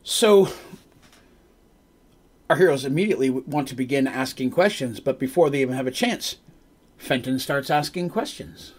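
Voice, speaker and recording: Husky, lively male game master. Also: mid-range voice, moderate pace, long pauses. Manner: rambling, with casual asides and self-corrections. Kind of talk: narrating a tabletop game on a live stream.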